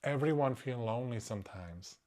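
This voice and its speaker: A man voicing a young woman romance scammer who speaks quiet, hesitant, broken English. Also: mid-range voice, expressive, fairly quick, close to an everyday voice. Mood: pleading.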